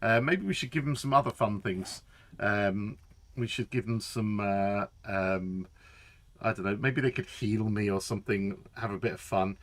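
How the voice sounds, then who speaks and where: A man giving live gameplay commentary, excitable and thinking aloud as he plays. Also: lowish voice, moderate pace. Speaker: streamer.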